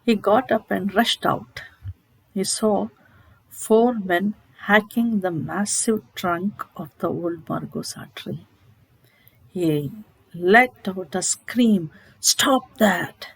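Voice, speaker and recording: A woman with a medium-pitched, creaky, husky voice speaks slowly as she retells a short story for a literature lesson. She explains, asks herself rhetorical questions and checks in with "okay?". The audio is poor, with no echo.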